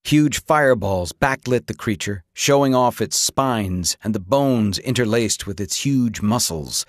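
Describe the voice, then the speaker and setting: A man reading an audiobook with dramatic, expressive narration. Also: mid-range voice, unhurried, no echo, studio quality. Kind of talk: scripted narration.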